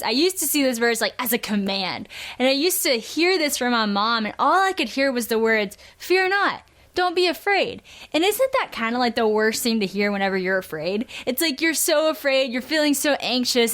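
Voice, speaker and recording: A woman's voice: on the high side, fairly bright tone. Earnest young woman sharing scripture. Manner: earnest, conversational. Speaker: devotional speaker. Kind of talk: casual devotional talk.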